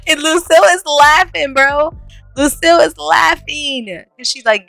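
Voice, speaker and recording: A woman narrating her life-sim game in lively, slangy casual commentary, often breaking into laughs. Her voice is bright and fairly high, with faint music underneath. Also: normal speed, dry recording. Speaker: let's play host.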